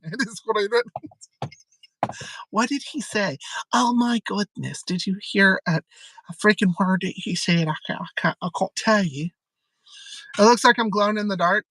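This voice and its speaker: A man hosting a live stream, rambling and giggling. His voice is bright and forward. The recording is close and dry. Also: high-pitched, normal speed, pauses often, no room sound, rough recording. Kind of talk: casual live-stream chat.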